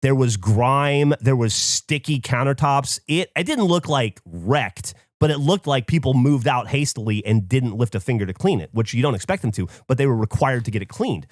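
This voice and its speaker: A man's voice: medium pitch, moderate pace, few pauses, no echo, studio quality. A man co-hosting a podcast who tells a story in a casual, profane rant and acts out other people's lines. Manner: animated, profane ranting. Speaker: podcast co-host.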